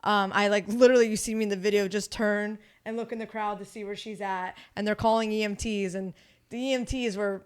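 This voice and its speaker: A young woman chats on a podcast, with a smooth, clear voice. She tells her story with animation, acting out what others said and swearing freely. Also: mid-range voice, steady tone, fairly quick. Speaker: podcast guest, grappler. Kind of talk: casual podcast chat.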